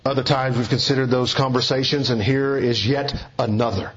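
A man preaching an expository sermon in a measured, earnest teaching manner, often dropping soft for emphasis. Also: medium pitch, fairly even intonation, dull audio.

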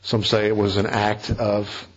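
Husky-voiced man preaching a sermon. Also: on the low side, monotone, measured pace, dull audio. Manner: earnest, emphatic preaching with stressed key phrases. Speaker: pastor.

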